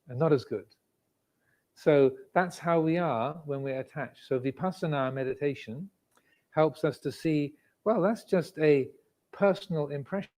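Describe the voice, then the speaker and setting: Older monk, slightly high voice. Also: male voice, darkish tone. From England. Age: 60s. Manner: measured, reflective, pauses with frequent fillers. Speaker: Buddhist monk teacher. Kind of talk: dharma talk. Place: indoor meditation hall with cameras and air conditioning.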